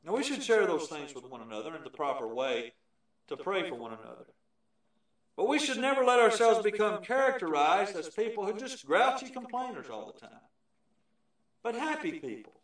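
A man preaching a sermon, emphatic and shifting from loud declarations to hushed asides. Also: high voice, very animated, moderate pace. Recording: echoey, from far off the mic.

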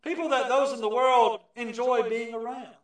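High-voiced preacher in an echoing church. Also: male voice, fairly even intonation, normal speed. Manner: emphatic, varies volume from loud to hushed. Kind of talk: sermon. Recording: echoey, from far off the mic.

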